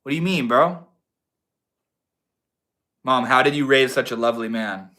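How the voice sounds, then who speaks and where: Bright-voiced young livestream host. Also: male voice, mid-range voice, normal speed. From Maine. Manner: slangy, laid-back, chats with and answers viewers. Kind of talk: casual livestream chat.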